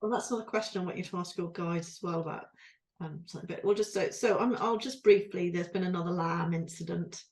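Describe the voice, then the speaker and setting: A woman's voice: on the low side, fast. A woman co-hosting a podcast, talking in a rambling, self-interrupting and emotional way. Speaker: podcast co-host. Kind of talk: reflective conversational chat.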